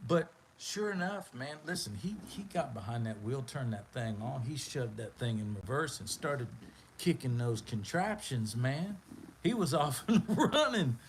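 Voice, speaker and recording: A man telling a rambling, animated story on a livestream. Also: mid-range voice, a little slow, a little hiss or hum. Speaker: livestream host. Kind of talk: casual storytelling.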